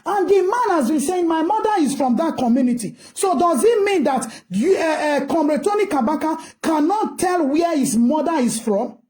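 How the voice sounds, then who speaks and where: A woman's voice: extremely high pitch, lively intonation, moderate pace, hardly any pauses, darkish tone. A Nigerian woman giving ranting commentary, scolding and asking rhetorical questions in a mix of English and Pidgin.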